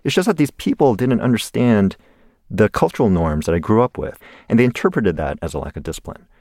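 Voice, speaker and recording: A man's voice: fairly low pitch, expressive, a little fast, darkish tone, dry recording, clean studio sound. A man in his forties from the United States, a guest in an interview telling a personal story animatedly and laughing along the way.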